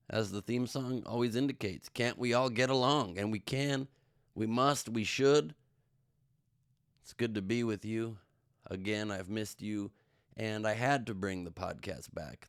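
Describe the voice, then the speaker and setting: A middle-aged man hosts his own comedy news podcast in a slightly low, smooth, resonant voice. He rambles from joke to joke, tossing in self-mocking asides. The sound is close and dry. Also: dry recording. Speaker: podcast host.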